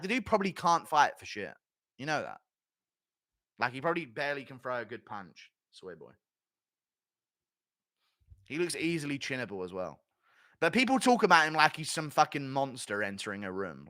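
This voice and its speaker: A man in a loose, profane commentary rant, his pitch swinging widely as he mocks and jokes. His voice is bright and forceful. The sound is dry and close, with no room. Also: no echo. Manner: profane, mocking, laughs often at his own jokes. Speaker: MMA commentator and streamer.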